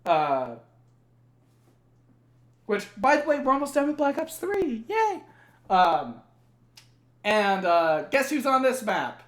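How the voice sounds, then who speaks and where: His voice sits high, sing-song and a bit bright, and he takes it slowly with frequent pauses. The young man casually rambles through video game lore, swearing and using lots of fillers.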